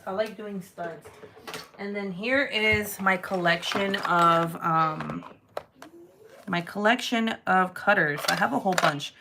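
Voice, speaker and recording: A woman's voice: medium pitch, background noise. A woman crafting vlogger chatting casually, telling stories with laughs and swearing. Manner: animated storytelling, laughing, swearing. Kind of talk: casual chat.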